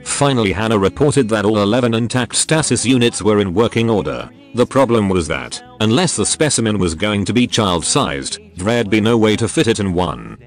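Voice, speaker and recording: Deep-ish synthetic male narrator, steady story reading. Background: faint background music.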